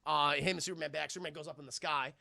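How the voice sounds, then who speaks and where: A man casually retelling a film scene by scene for his live chat, animated and profane, often acting out the characters. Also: fairly high pitch, very fast, creaky, no room sound. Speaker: film reviewer and streamer.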